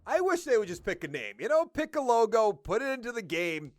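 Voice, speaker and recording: High, lively man with a Boston accent. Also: a little fast, no room sound. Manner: thinking aloud while ticking through stats and numbers. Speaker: gaming video creator. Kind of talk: casual gameplay commentary.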